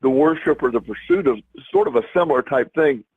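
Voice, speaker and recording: Middle-aged male co-host, casual rambling talk, husky tone, thin phone-line audio. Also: mid-range voice, fairly quick, dry recording. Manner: rambling, many restarts and repeated words. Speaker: podcast co-host. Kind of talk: casual chat.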